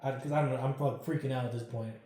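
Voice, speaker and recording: Male interview guest, casual storyteller with a mellow, dark tone who acts out the lines and curses freely, in a very echoey room. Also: medium pitch, fast talker. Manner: animated, acts out quoted dialogue, swears freely.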